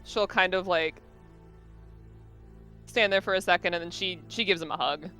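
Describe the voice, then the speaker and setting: A woman player describing her character's actions, softly and with some hesitation. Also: lowish voice, normal speed, smooth, soft background music.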